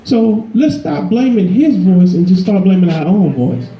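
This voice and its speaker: Guy preaching, talks to the room like a chat then pushes up high, pitch kinda up there, echoey dull church recording. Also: animated, normal speed, slight background noise. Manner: conversational, emphatic, rising in pitch for emphasis. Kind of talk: sermon.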